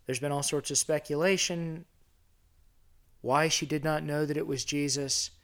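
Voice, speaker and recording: A man's voice: on the high side, fairly even intonation, normal speed, fairly bright tone. A middle-aged man preaching a conversational sermon in a church sanctuary, asking his listeners questions and growing intense as he goes. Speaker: pastor.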